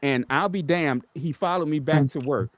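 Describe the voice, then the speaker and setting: A man tells road stories in a casual, profane way and acts out the quotes loudly. His voice sits a bit high and sounds close and dry. He often restarts his lines. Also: normal speed, no echo. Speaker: podcast co-host.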